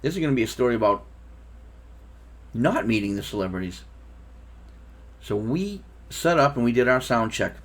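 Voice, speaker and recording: A man in his fifties casually telling a long story as a vlogger, rambling and chuckling along. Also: medium pitch. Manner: rambling, laughs as he tells it.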